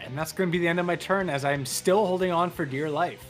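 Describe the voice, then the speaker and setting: A man playing a tabletop game, lively and hesitant with fillers. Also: a little high, quick pace, soft background music. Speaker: player.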